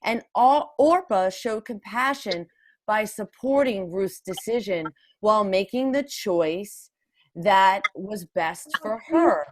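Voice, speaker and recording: A woman leading a children's gathering, giving a slow, deliberate sermon reflection and calling her listeners her friends. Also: medium pitch, expressive, a little hiss or hum.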